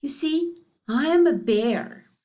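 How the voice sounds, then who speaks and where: A stubborn, polite male bear from a children's story, read out by a woman. He pleads in a raised, insistent voice and takes his time. The pitch rises and falls freely. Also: lively intonation, takes it slowly, a little mellow.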